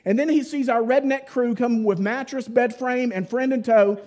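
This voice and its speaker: A man preaching a sermon, telling the story in a folksy, playful way with voiced asides, then dropping to a hushed, solemn tone at key points. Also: very high voice, moderate pace.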